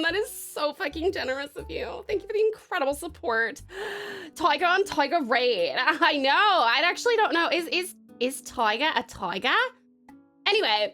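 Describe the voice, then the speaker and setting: Bubbly, high-voiced Australian woman streamer. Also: pushed and bright. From Tasmania, Australia. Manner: effusive, bubbly, swears freely. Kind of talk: live stream chat, thanking viewers. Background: faint music.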